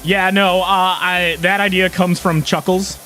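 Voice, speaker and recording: A man's voice: sits high, level tone, unhurried, bright, forceful tone, soft background music. A young man streaming a game from home on a desk mic, chatting casually in a giggly, profane, self-mocking way. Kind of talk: casual live-stream chat while gaming.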